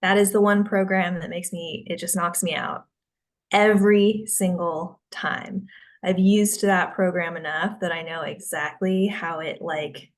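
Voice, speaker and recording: A woman's voice: on the low side, steady tone, measured pace. Chatty woman guest with constant fillers. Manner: rambling, with many filler words. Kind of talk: casual chat.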